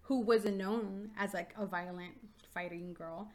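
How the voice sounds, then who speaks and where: A woman co-hosting a podcast in loose, casual chat. She tells stories at an easy, chatty clip, with "like" in almost every line and a bit of casual swearing. Her voice sits at an ordinary middle pitch for a woman. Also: steady tone, unhurried, darkish tone. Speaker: podcast co-host.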